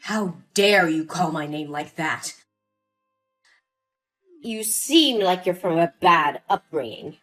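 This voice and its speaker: A woman's voice: fairly low pitch, animated, takes it slowly, long pauses, fairly bright tone, soft background music. A woman voicing a scheming, cold-hearted older mother-in-law who talks with scorn and dismissiveness, in a dramatized story. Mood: contemptuous.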